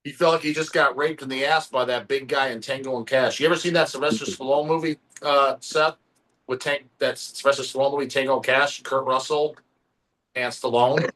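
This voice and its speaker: A man's voice: mid-range voice, fairly even intonation, fairly quick, a bit bright. A man chatting casually on a podcast, telling rambling, profane stories and acting out what people said. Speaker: podcast co-host. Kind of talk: casual chat.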